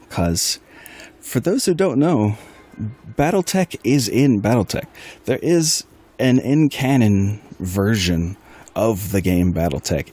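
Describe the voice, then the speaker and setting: A man narrates as game master in a lowish voice that swings up and down with lively pitch. He rambles along casually and adds side remarks as he sets the scene. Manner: rambling, chatty, many fillers and asides. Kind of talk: narrating a tabletop role-play.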